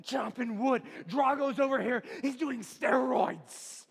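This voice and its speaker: A man's voice: very high voice, slow, creaky. A pastor in his forties giving a humorous sermon, joking, quizzing the crowd and laughing often. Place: large church auditorium. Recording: long reverb of a church hall.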